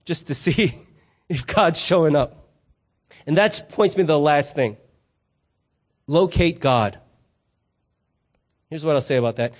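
Here a middle-aged man's sermon feels easygoing and chatty, delivered in a voice that sits high and light for a man. This pastor weaves stories and playful side remarks into his teaching.

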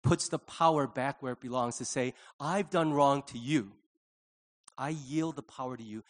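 A man's voice: mid-range voice, moderate pace. A middle-aged male pastor preaching a conversational sermon, acting out little quoted voices along the way.

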